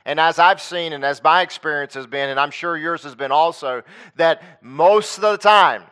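A man's voice: a little high, normal speed, sharp tone, smooth. A man preaching a sermon in a conversational way, asking the congregation questions and repeating his points.

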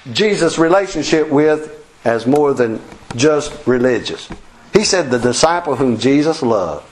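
Man, preacher, folksy sermon, lively swooping pitch, slightly high voice. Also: a little hiss or hum, low-quality recording. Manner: folksy, animated, acts out quotes with laughter.

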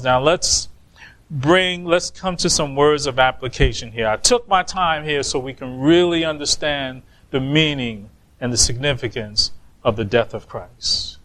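A man preaching a sermon, slow and emphatic, pleading with rhetorical questions. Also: mid-range voice, fairly bright tone. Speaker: pastor.

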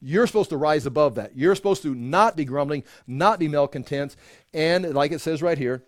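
A man's voice: fairly high pitch, normal speed, no echo, studio quality. Chatty man teaching a Bible study. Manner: conversational, with frequent restarts and chuckles. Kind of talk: informal Bible teaching to a small group.

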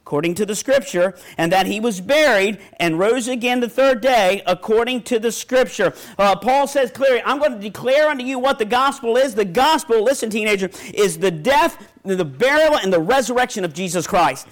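A man's voice: sits high, lively intonation, normal speed, few pauses. A middle-aged male pastor preaching a sermon in a folksy storytelling way, quoting scripture and restarting phrases.

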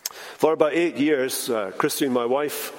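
A man preaching a sermon as pastor, emphatic, slowing down and dropping his voice for weight. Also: a little mellow. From Britain. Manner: emphatic, with dramatic slowdowns and drops in pitch. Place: large church sanctuary. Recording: church hall reverb.

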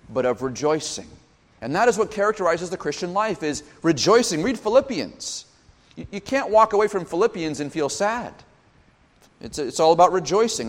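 A man preaching a sermon as pastor, his voice rising with emphasis and dropping low on solemn points. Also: long reverb tail. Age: young adult.

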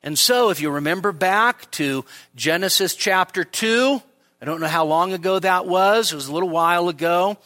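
Speaking at a normal speed in a voice that sits high, this man preaches an expository sermon to his church congregation. Rhetorical questions, stressed key words, and quiet asides shape his delivery.

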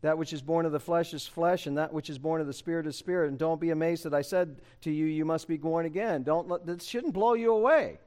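A man's voice: on the high side, brisk, hardly any pauses, darkish tone. A man preaching a sermon, emphatic and conversational, asking the congregation rhetorical questions. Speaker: pastor.

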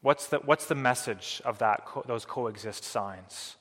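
A man's voice: medium pitch, measured pace, a bit bright, big-room sound. A man pastor delivering an earnest sermon, his voice rising and falling with emphasis as he explains scripture.

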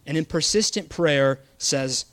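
A man's voice: fairly high pitch, a little slow, a bit bright, dry recording. Man, sermon, earnest, emphatic, scripture reading, dry recording. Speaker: preacher.

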